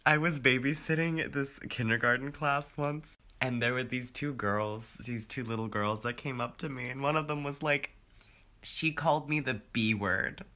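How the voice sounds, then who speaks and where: A man telling a funny anecdote to camera in a dry, deadpan way. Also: mid-range voice, moderate pace.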